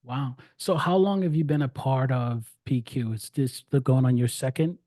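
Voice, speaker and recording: A man's voice: medium pitch, moderate pace, warm tone, no room sound, studio quality. A man hosting an interview, upbeat and affirming, giving many short backchannel replies. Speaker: interviewer host.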